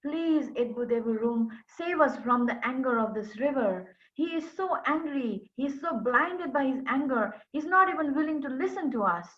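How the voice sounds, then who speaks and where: A woman's voice: high-pitched, animated, moderate pace, hardly any pauses, dull audio. A woman voicing a group of frightened young animals and birds, begging for help. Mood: pleading. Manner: desperate and pleading.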